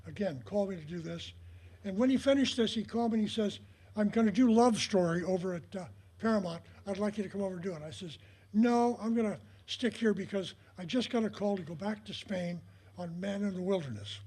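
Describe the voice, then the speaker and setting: Older male raconteur with a husky, high voice; rambling stories with acted-out quotes. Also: a little mellow. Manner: rambling, many filler pauses, acts out quoted dialogue. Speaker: retired prop master giving a talk. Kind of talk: anecdotal storytelling talk. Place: talk in front of an audience.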